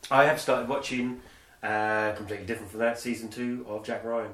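A man chatting casually on a podcast, rambling with lots of ums and pauses. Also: mid-range voice, steady tone, fairly bright tone. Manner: rambling, hesitant with many ums. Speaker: podcast co-host. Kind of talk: casual chat. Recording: roomy echo, from far off the mic.

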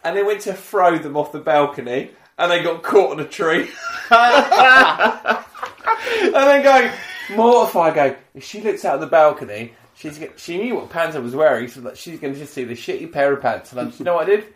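A man co-hosting a casual podcast chat, telling a story in an animated way and acting out the quotes. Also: fairly high pitch, brisk, roomy sound. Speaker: podcast co-host.

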